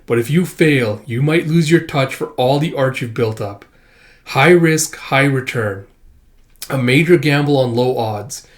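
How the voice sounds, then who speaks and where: A man voicing a calm, teasing male storytelling master who speaks in measured, slow phrases. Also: medium pitch, close to an everyday voice.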